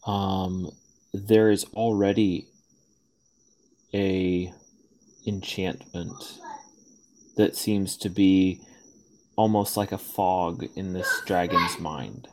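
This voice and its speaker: A man acting as game master of a tabletop game, talking through the rules in a measured way with hesitant fillers. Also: low voice, steady tone, a little mellow, a little hiss or hum, poor audio.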